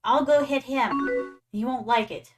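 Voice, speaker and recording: Young woman, game streamer, playful, chatty, fairly high voice. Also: measured pace, over music. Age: young adult. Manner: playful and chatty, calls viewers "my darlings". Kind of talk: casual gaming stream chat.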